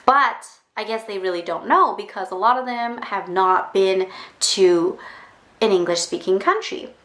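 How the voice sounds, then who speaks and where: A young woman from Canada telling a casual storytime rant to camera, chatty and quick to act out other people's reactions. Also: expressive, fairly bright tone, echoey room. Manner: chatty, acts out quoted reactions in a higher voice. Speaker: vlogger.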